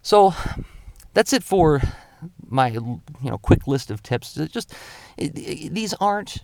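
A man's voice: on the high side, sing-song, slow pace, gravelly, a little mellow, no echo. A male comic illustrator giving a casual spoken drawing tutorial, explaining his tips step by step in a thoughtful way.

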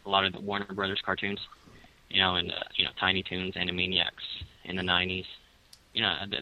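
Guy in his thirties being interviewed, low bright voice, stammers and says you know a lot. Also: poor audio. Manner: hesitant, stammers and repeats words, many fillers. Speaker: guest comic creator. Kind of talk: casual interview chat.

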